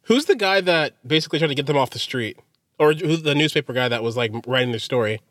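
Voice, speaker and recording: A man's voice: on the high side, expressive, fast talker, fairly bright tone, no echo, clean studio sound. A man co-hosting a podcast, rambling and joking in casual chat, laughing often. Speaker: podcast co-host.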